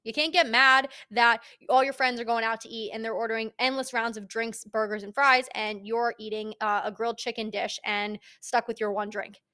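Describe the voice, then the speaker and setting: A young woman with a voice a touch higher than most talks straight to her listeners in a casual fitness podcast. She is emphatic and blunt and swears freely as she pushes them to own their goals. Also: fairly even intonation, normal speed, hardly any pauses, sharp tone. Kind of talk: casual motivational podcast monologue.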